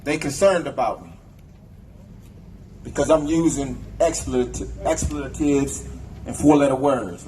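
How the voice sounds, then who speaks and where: A man's voice: mid-range voice, a little slow, pauses often, warm tone, a little hiss or hum, poor audio. A man giving a raw, profane speech at an outdoor protest, leading the crowd in chants. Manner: angry, profane, leads chants. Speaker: protest speaker. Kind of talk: impassioned rally speech.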